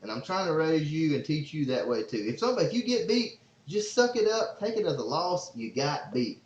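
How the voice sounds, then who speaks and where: Excitable man, roomy sound. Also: fairly high pitch, brisk, slight background noise. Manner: excitable, rambling storyteller. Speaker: podcast host and father. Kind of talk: casual podcast storytelling. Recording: roomy, slightly dull sound.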